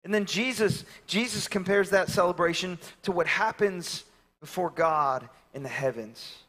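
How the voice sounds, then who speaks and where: A man in his thirties preaching a sermon and telling a story, swinging from loud calls to hushed near-whispers. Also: high voice, unhurried, long reverb tail. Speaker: pastor.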